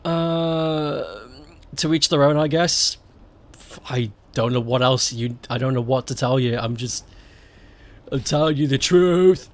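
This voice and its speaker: A man's voice: medium pitch, measured pace. A young man from Stoke chatting casually on a gaming live stream, swearing freely and laughing often. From Stoke-on-Trent, England. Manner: swears a lot, laughs often, rambling and candid. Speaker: game streamer.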